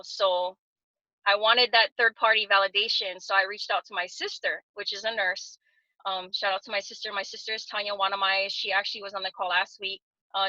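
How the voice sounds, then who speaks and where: Over muffled, low-quality call audio with no room sound, a thirty-something woman from Hawaii tells her story as a testimonial guest. Her mid-range voice comes across bright and forceful, and she's earnest, relaxed and full of fillers and restarts.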